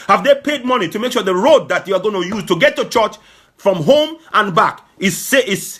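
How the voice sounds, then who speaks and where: A man giving an impassioned political address to his audience, fervent and repetitive, sometimes shouting. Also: high voice, husky. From Nigeria. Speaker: political broadcaster.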